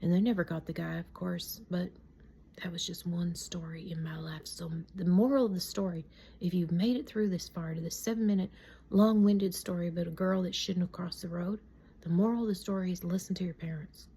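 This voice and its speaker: Middle-aged woman, husky and gravelly, warm dark tone; folksy storyteller who slips into whispers. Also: fairly low pitch, fairly even intonation, a little fast. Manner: folksy, drops into whispers, salty with mild swearing. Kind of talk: casual storytime vlog.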